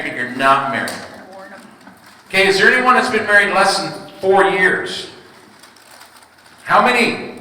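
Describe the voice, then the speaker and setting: A man in his fifties performing stand-up, his voice bright and high for a man, swinging up and down as he tells his stories. He turns to the crowd to ask questions. The sound is roomy and comes from far off in a large hall with a long echo. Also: a little hiss or hum. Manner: storytelling, crowd work with audience. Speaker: stand-up comedian. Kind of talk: stand-up comedy.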